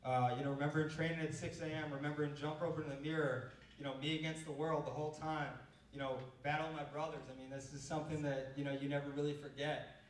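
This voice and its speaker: A man's voice: a little high, level tone, fast, recorded from a distance, slight background noise. A young man, a college baseball coach giving a speech to an audience. He tells stories in a loose, rambling way, full of fillers like "you know.". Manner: rambling, filler-heavy storytelling. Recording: roomy sound from off-mic.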